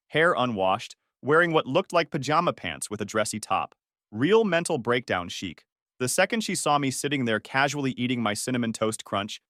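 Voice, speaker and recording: A man's voice: medium pitch, a bit bright, no room sound. A man narrating a first-person story in a dry, sarcastic manner, close to the mic.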